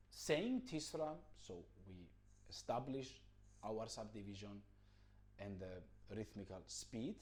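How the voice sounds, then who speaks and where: This music teacher is a patient man with a lively voice, explaining a rhythm lesson step by step. He chants the counting syllables loudly and at a high pitch.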